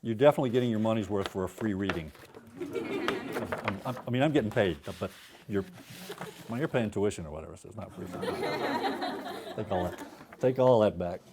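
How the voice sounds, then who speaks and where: A man's voice: on the low side, expressive, a little fast, long pauses, crowd noise, noisy background. A man in his fifties, an author at a university event, chatting casually with self-deprecating asides before reading his prose aloud.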